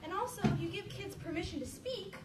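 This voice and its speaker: High-voiced woman doing stand-up, roomy and distant. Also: brisk. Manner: animated, acts out kids' voices and her own. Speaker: stand-up comedian. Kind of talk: stand-up comedy routine. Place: university venue with live audience. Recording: roomy, distant mic, loud crowd and noise.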